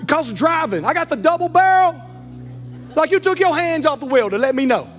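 A man, preaching a sermon as pastor, animated and joking, stumbling over words. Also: very high voice, moderate pace. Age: 40s. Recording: church hall reverb with faint music.

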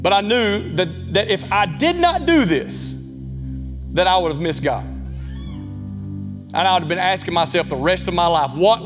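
A man in his thirties with a Southern Alabama accent, preaching a folksy, candid sermon with lots of asides. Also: a little high. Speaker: pastor. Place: church sanctuary. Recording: long church reverb with music.

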